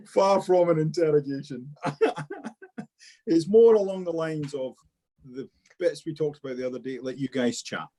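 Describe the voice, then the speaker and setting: A man's voice: fairly high pitch, normal speed, mellow. A man moderating a webinar on a video call, chatting casually, teasing the others and laughing often. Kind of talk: casual pre-webinar chat.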